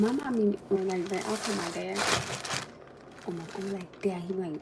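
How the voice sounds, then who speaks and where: A young woman hosting a livestream, telling family stories in a casual, animated way and acting out what people said, with frequent laughs and pauses to eat. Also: medium pitch, very noisy. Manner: animated, acts out quotes, laughs often, eats while talking. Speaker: livestream host.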